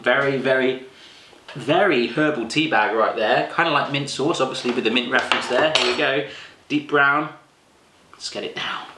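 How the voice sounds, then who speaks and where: A British man chatting to the camera as a food vlogger, with animated, jokey, exaggerated reactions. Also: medium pitch, roomy sound, slight background noise. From United Kingdom. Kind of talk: casual chat to camera.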